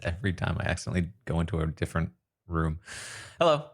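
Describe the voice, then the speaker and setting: A man's voice: low-pitched, lively intonation, fast, creaky. A man playing in an online game who teases the others and laughs between words. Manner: teasing, laughs while talking. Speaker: game player. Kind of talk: casual voice chat.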